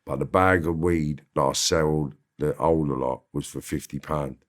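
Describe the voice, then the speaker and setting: A man's voice: extremely low pitch, moderate pace. A man with a London accent, an interview guest telling stories casually in streetwise slang. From Northwest London. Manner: slangy, streetwise, animated when recounting. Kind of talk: casual storytelling.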